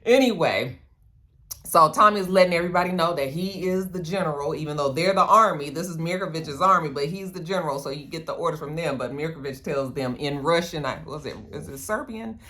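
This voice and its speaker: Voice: mid-range voice, bright, forceful tone. A chatty vlogger recapping a TV episode in loose, slangy talk. They curse freely and keep dropping in asides, with a mid-range voice. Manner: chatty, slangy, profane, quick side comments. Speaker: TV episode reviewer.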